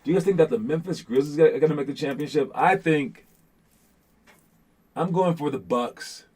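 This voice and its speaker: A man's voice: fairly high pitch, normal speed, darkish tone, breathy edge. A man hosting a basketball show, chatting casually to his viewers with lots of restarts and fillers. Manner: rambling, many restarts and fillers, addresses the audience as guys.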